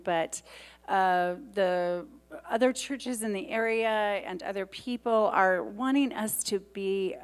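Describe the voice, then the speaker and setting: A woman reading the church announcements at a Sunday service, chatty and openly emotional, with a rambling way of talking. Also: on the low side. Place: church sanctuary.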